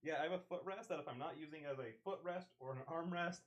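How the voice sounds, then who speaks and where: A man's voice: fairly high pitch, fast talker. A young man streaming from his home desk into a desk microphone. He talks in a rambling, casual way, full of fillers and restarts. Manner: rambling, filler-heavy, self-correcting. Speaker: livestreamer. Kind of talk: casual live-stream chat.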